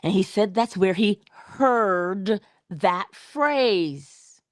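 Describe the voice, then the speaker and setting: Slow, lively woman storyteller. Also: medium pitch, no echo, clean studio sound. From Barbados. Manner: expressive storyteller, drawn-out emphasis. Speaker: inspirational vlogger. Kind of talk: storytelling motivational talk.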